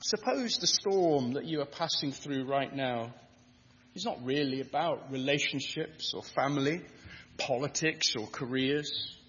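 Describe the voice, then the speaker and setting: A man's voice: mid-range voice, unhurried, a bit bright. A man preaching a sermon with an emphatic, rhythmic delivery that builds on repetition. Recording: dull lo-fi sound with long hall reverb.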